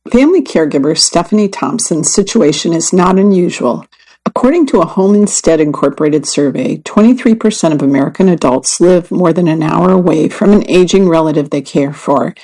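A woman reading a first-person magazine story and article aloud in an even, measured way. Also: deep voice, poor audio. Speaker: reader. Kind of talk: scripted narration of a magazine story.

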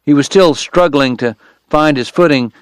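A man narrating a western novel in a measured, even storytelling manner. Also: fairly high pitch, smooth, no room sound. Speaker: audiobook narrator. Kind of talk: scripted narration.

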